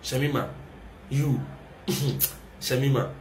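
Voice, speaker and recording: A man's voice: medium pitch, takes it slowly, a little mellow, slight background noise. Ghanaian man ranting in an echoey room. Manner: repetitive, pleading, mixing in local words. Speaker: reality show contestant reacting on social media. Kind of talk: emotional casual rant.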